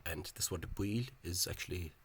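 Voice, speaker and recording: A man's voice: sits low, moderate pace, vocal fry, husky. A man giving an informal, digressive explanation in a video, thinking aloud in a scholarly way. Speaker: Irish-language spelling enthusiast.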